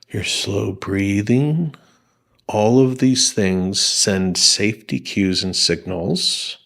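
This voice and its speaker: A low-voiced man speaks as a therapist, walking through what the body does in a panic attack. He talks in a calm teaching tone and often slows and softens to show how a soothing voice should sound. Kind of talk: explaining psychology to camera.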